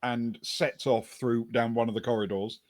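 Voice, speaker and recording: A man narrating a tabletop game as game master, describing scenes in an unhurried way with many pauses. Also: mid-range voice, little pitch movement, no echo.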